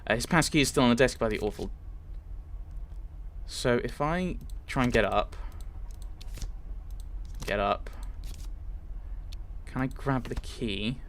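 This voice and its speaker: A man playing a narrative game, reading choices aloud and thinking out loud as he goes. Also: medium pitch, takes it slowly, long pauses, slight background noise. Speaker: let's player.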